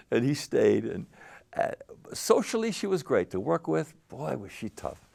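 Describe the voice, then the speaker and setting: Older man with a gravelly, lively voice. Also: mid-range voice, unhurried. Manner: animated anecdotal storytelling with laughs. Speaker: game show host interviewee. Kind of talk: storytelling interview.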